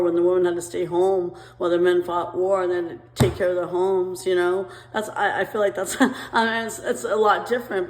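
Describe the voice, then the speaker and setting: Rambling woman venting in an echoey room. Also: mid-range voice. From United States. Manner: rambling, repeats phrases, laughs nervously between lines. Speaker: vlogger. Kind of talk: emotional personal rant. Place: apartment at home.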